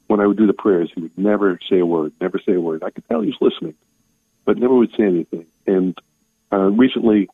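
An older man calls in over a tinny phone line with a deep, husky voice. He talks in a heartfelt, halting way, pausing often. The sound is dry and thin. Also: dry recording. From Maryland. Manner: heartfelt, hesitant, choked up. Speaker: radio caller.

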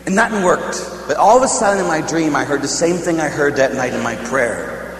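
A man who is a priest, from Pittsburgh, telling stories in a sermon in an animated, laughing way and acting out the voices. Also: a little high, brisk. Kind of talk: storytelling sermon. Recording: echoey hall with faint hum.

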